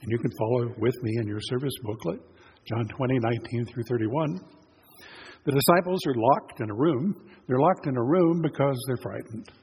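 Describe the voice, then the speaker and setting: A man's voice: mid-range voice, normal speed, darkish tone. A male pastor preaching a sermon, retelling a scripture story in a plain, conversational storytelling way. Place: church sanctuary. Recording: long church reverb, faint noise.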